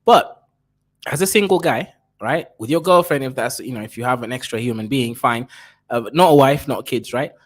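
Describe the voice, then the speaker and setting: A man's voice: medium pitch, normal speed. A man giving blunt, crude reaction commentary who keeps tagging his points with a question.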